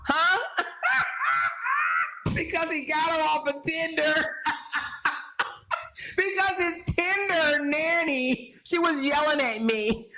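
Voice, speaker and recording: A woman's voice: high-pitched, pushed and bright, slight background noise. A woman host giving sassy reaction commentary, laughing often and talking straight to her viewers.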